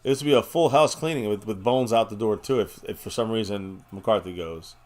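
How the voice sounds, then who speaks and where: A man's voice: fairly low pitch, brisk, darkish tone. A man hosting a fan watch party, calling plays as they happen, frustrated and swearing freely. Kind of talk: casual play-by-play reaction.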